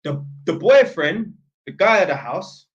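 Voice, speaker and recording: A young channel host from North London, voice sitting high and sing-song, speaks a little slowly as he tells a story and rants bluntly in slang to camera. The sound is muffled.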